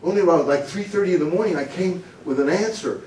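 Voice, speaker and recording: An older man from the United States gives an animated storytelling talk on humor, laughing at his own jokes and sometimes slipping into a booming announcer voice. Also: quick pace, a little hiss or hum. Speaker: motivational humor speaker. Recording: echoey hall, mic at a distance.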